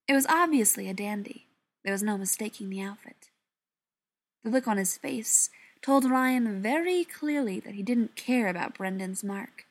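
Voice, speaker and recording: A woman reading a story aloud in a soft, often half-whispered voice. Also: mid-range voice, creaky, husky. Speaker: narrator. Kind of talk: audiobook narration.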